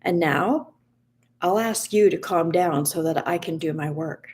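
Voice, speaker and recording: A woman reading out the calm, measured words of a doctor keeping his composure. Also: on the low side, lightly acted. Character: composed grieving doctor, calm quiet man.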